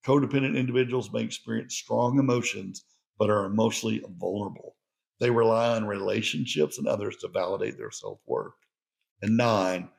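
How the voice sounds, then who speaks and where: A man's voice: fairly low pitch, vocal fry. A man hosting a solo podcast, speaking in an earnest, conversational and reflective way. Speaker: podcast host.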